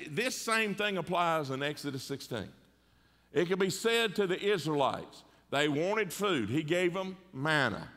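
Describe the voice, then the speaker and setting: Bright-voiced Southern pastor, reverberant hall. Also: male voice, a little high. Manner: folksy and conversational, with rhetorical questions and humor. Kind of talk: sermon. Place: church sanctuary.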